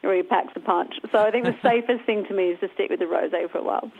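A woman's voice: medium pitch, fast. A woman from Australia, a singer guest, chatting and laughing through stories on a radio interview. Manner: giggly, chatty storyteller with lots of fillers. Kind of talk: casual radio interview chat. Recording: tinny phone-like line.

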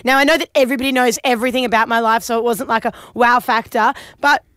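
A woman's voice: on the high side, fairly even intonation, fast, a bit bright, dry recording. A woman co-hosting a chat show, frank and laughing, swearing casually. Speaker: co-host.

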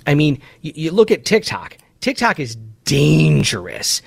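A man's voice: on the high side, wildly swooping pitch, unhurried, creaky, breathy edge, dry recording. A man hosting a casual political talk show, speaking in an emphatic, opinionated way. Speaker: podcast host.

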